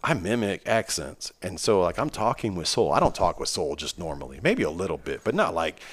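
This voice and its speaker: A podcast host chats casually into a microphone while wearing headphones, rambling and cracking jokes as he tells stories. His low, husky voice is very animated, and he speaks fairly quickly.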